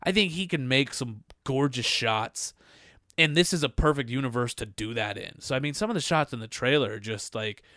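A man's voice: medium pitch, normal speed, pushed and bright, dry recording, clean studio sound. A man co-hosting a casual movie trailer podcast, ranting with profane exasperation. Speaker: podcast co-host.

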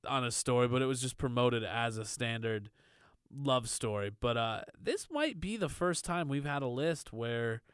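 Male podcast co-host, clear resonant tone, dry close sound, laid-back rambling. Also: mid-range voice, dry recording. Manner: relaxed, loose, filler-heavy. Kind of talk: casual movie chat.

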